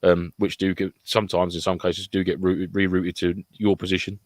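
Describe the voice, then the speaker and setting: A British man co-hosting a podcast in casual, animated chat, acting out quotes in silly voices. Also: low-pitched, moderate pace, no room sound. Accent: British English. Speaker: podcast co-host.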